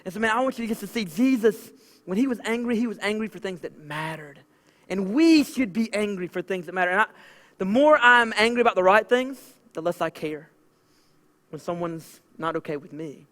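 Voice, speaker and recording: High-voiced Southern pastor, chatty sermon. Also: male voice, animated, fairly quick, fairly bright tone. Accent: Southern American. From American South. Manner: casual, chatty preaching with many "like" fillers. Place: church auditorium. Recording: long church hall reverb.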